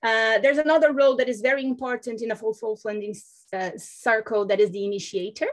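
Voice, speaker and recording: A woman's voice: on the high side, fairly even intonation, fairly quick. A woman from Brazil, presenting over a video call in a webinar. She speaks earnestly, with frequent fillers. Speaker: foundation communications lead.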